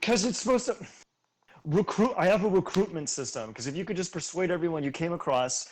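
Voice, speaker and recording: A man's voice: sits high, expressive, brisk. Joking man running a tabletop game. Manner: loose, joking, laughs often. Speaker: game master.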